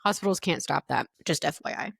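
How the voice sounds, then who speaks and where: A woman's voice: deep voice, fast talker, creaky, husky, no room sound, studio quality. A young woman hosting a podcast, reacting bluntly to online posts, swearing freely and laughing often. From United States. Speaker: podcast host. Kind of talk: casual podcast chat reading online posts.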